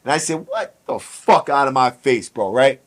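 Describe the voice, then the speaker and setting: A man's voice: mid-range voice, very animated, normal speed. A man hosting a podcast, casually telling a prison story in a profane, streetwise way and acting out the people he quotes.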